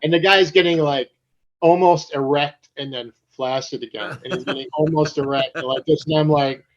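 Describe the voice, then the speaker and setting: A man's voice: fairly high pitch, normal speed. An older man, a tattoo artist guest, telling anecdotes in casual conversation, swearing freely and acting out the people in his stories. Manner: animated raconteur, swears freely, acts out voices in anecdotes. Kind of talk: casual storytelling interview. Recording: dull lo-fi recording.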